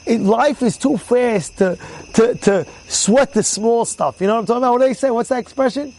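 Brief: rabbi in his thirties, high for a man, punchy repeated questions, faint crickets behind. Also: fairly quick, a little mellow, a little hiss or hum. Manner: repetitive rhetorical questions, checks in with listeners; emphatic bursts on key words. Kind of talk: informal Torah talk. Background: crickets and insects faintly.

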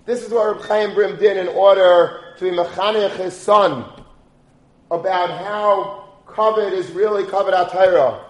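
A man with a slightly high voice tells a story in a loose, casual way, acting out the people he quotes. His voice rings in a roomy, echoey space. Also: measured pace. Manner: animated, acts out quoted characters with Yiddish and Hebrew words. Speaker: rabbi telling a story.

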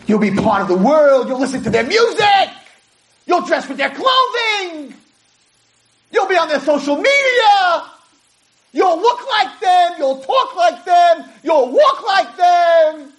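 A preacher voicing the nations of the world, coaxing and promising, rising into shouts. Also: male voice, extremely high pitch, sing-song, slow, pitched above the performer's own voice, exaggerated voice, poor audio. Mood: coaxing, shouting. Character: the nations, coaxing Jews to assimilate.

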